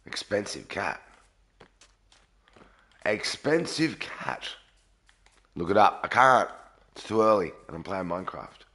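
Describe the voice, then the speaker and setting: A man live-streaming a game early in the morning from a garage, talking quietly and sleepily while reading out chat. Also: sits low, normal speed. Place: garage with echo.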